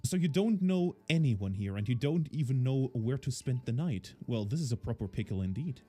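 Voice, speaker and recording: Fussy courteous professor read by a man, lively and sing-song, soft game music under it. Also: medium pitch, moderate pace, close to an everyday voice. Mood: fussy politeness. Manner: courteous, old-fashioned formal phrasing. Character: fussy, polite male professor, middle-aged. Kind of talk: reading game dialogue aloud in character.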